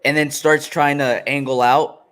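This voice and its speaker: A man co-hosting a fight podcast, telling animated stories in casual chat and jumping up in pitch when excited. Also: a little slow, smooth. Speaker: podcast co-host.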